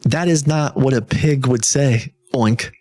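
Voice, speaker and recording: A man's voice: mid-range voice, slow pace, darkish tone. Playful, laughing male streamer. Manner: playful, joking, laughs often. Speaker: livestreamer. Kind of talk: casual stream banter.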